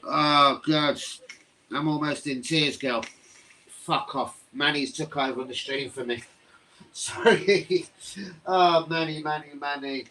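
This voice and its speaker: A man's voice: a little high, slow pace, bright, forceful tone. Stunned swearing man streaming. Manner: stunned, swearing, rambling to viewers. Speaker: fan livestream host. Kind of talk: live reaction stream.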